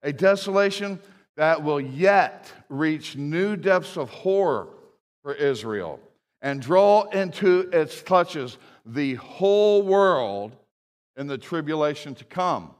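A male pastor with a fairly high voice preaching with emphatic build-ups, rhetorical questions and casual joking asides. His voice echoes through a large church hall with a long reverb tail. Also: animated, takes it slowly. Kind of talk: sermon.

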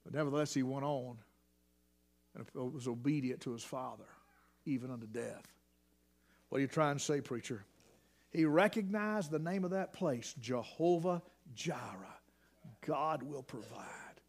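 A man preaching a sermon, swinging between hushed near-whispers and shouted emphasis. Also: mid-range voice, moderate pace, gravelly, pauses often.

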